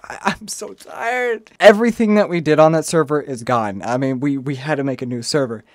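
A young streamer with a slight southern accent rambles casually and fast in a gaming vlog, often stopping himself mid-sentence and now and then letting out shrill, panicked yelps. The recording is dry, with clean studio sound.

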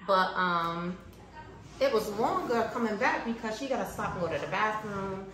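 A woman's voice: mid-range voice, moderate pace, reverberant, low-quality recording. A woman vlogger telling a story in casual, slangy chat, acting out what people said and swearing freely. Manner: animated, acts out quotes, slangy and swears casually.

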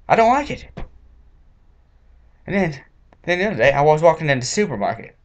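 A man delivering an angry comedic rant, swearing a lot and jumping into loud, high-pitched shouting. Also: big pitch swings, normal speed, long pauses. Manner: angry, profane, bursts into shouting. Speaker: comedic ranter.

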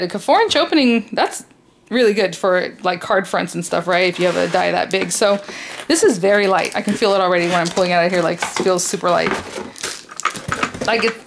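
A woman's medium-pitched voice rambles along enthusiastically as she unboxes craft supplies for her crafting YouTube channel, using many fillers in her casual chat. A slight hiss or hum is audible.

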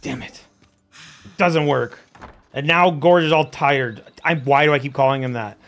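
A man's voice: mid-range voice, moderate pace, fairly bright tone, a little hiss or hum. A young man hosting a let's-play, chatting casually in a joking, bemused way with some swearing. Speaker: host playing a video game.

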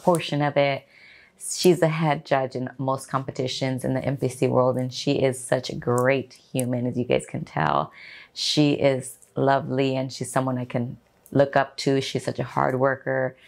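A woman vlogger with a strikingly deep voice for a woman, speaking straight to her viewers. She gushes with enthusiasm in a casual recap tone. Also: gravelly, a little mellow. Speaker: vlogger and bikini competitor.

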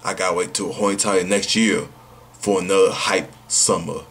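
A man's voice: low voice, fairly even intonation, moderate pace, a bit bright, a little hiss or hum. A man talking to camera in a casual vlog, brash and slangy, repeating rhetorical questions. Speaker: vlogger.

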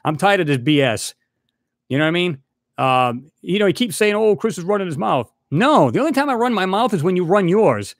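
Channel host, male, fairly high voice with big swings, dry close sound, angry rant style. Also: big pitch swings, brisk, no echo. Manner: heated, repetitive, addresses a rival directly. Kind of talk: angry ranting vlog.

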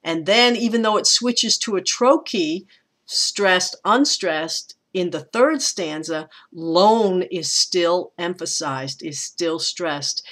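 A woman teacher giving a recorded lecture, talking in a thoughtful, unhurried way with frequent pauses and restarts. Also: fairly low pitch, a bit bright.

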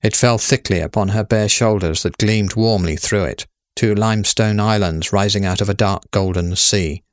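A man narrating a story in a measured, steady way. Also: on the low side, no room sound, clean studio sound.

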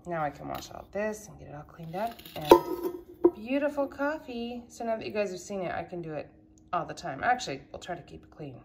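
A woman's voice: sits low, fast talker, gravelly. Chatty woman vlogging in a noisy kitchen. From California, USA. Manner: chatty, rambling, lots of fillers. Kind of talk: casual home cleaning vlog. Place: home kitchen.

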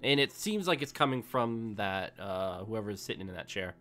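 A man acting as game master, narrating a tabletop horror game in an unhurried way with many pauses. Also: lowish voice, lively intonation, sharp tone, soft background music. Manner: unhurried scene-setting with frequent "uh" pauses.

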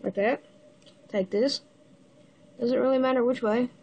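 A woman with the hiccups giving a casual step-by-step building tutorial, halting and pausing mid-step to show the pieces. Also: on the high side, fairly even intonation, a little mellow, husky, lo-fi sound. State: has the hiccups. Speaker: toy builder giving instructions.

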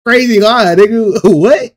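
A man hosting a casual album reaction, excitable, laughing and repeating himself. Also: high voice, unhurried. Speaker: music reaction host.

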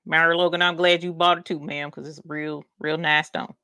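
A woman's voice: sits low, level tone, normal speed, bright, forceful tone, dry recording, studio quality. A woman with a Southern US country accent, chatting folksily while hosting a craft livestream. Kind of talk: casual livestream chat.

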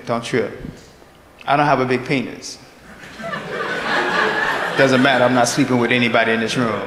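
A male stand-up comedian from Texas, performing an animated routine and laughing at his own jokes on a comedy club stage. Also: mid-range voice, normal speed, very noisy. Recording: echoey club hall with crowd. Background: audience laughter.

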